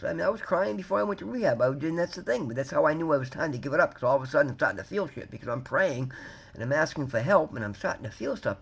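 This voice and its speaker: A man in his fifties speaks to his viewers in a candid, rambling monologue, pressing his points with emphasis. His voice is husky and sits a little high. He talks at a very fast clip. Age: 50s. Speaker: vlogger. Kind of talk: candid personal talk to camera.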